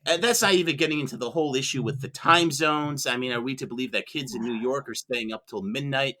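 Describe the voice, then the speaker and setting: A man's voice: medium pitch, fast, bright, forceful tone. A man arguing as a mock prosecutor on a movie podcast, sarcastic and full of rhetorical questions. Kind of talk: comedic mock-trial argument.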